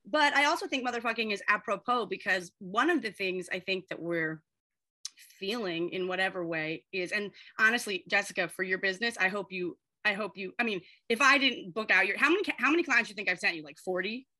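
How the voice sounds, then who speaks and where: Bright-voiced joking woman comedian. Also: mid-range voice, a little fast. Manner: swearing, joking, rambling. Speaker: guest astrologer and comedian. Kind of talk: casual podcast chat.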